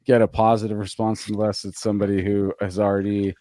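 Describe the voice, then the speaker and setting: A man's voice: lowish voice, flat delivery, fast, dark tone, dry recording, studio quality. A man hosting a podcast in casual chat, laid-back and a little drunk, laughing and saying "dude" a lot. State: tipsy from drinking. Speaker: podcast host.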